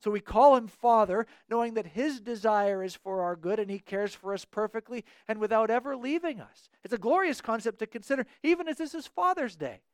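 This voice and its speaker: A man's voice: high-pitched, animated, brisk, few pauses, smooth, no echo, clean studio sound. A man preaching a sermon as pastor, earnest, repeating key phrases and asking the congregation rhetorical questions.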